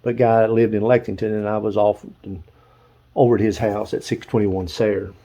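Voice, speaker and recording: A man's voice: on the low side, little pitch movement, moderate pace, warm tone, low-quality recording. An older man, casually showing photos and books, rambling and stopping to recall names. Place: dark room at home.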